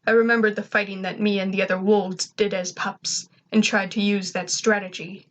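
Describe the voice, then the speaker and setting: A woman reading fan fiction aloud in plain, even first-person narration. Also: mid-range voice, normal speed. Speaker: reader.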